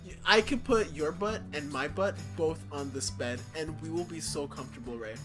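A man's voice: fairly high pitch, normal speed, over music. A man hosting a casual podcast, reading the sponsor ads in a goofy, jokey way and stumbling over web addresses. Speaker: podcast host.

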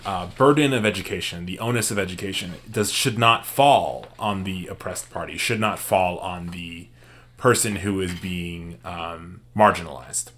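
Deep-voiced man hosting a casual radio talk. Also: pushed and bright. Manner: rambling, searching for words. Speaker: radio show host. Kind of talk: casual conversation.

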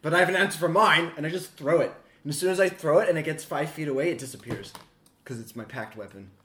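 A man playing a tabletop fantasy game, playful and quick to laugh. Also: fairly high pitch, sharp tone, reverberant, slight background noise. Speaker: player. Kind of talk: casual tabletop play.

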